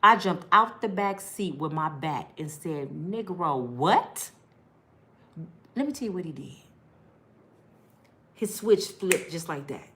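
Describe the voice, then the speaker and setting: A woman telling a personal story in a lively, colloquial way, acting out voices and laughing, addressing her listeners directly. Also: deep voice, unhurried, slight background noise.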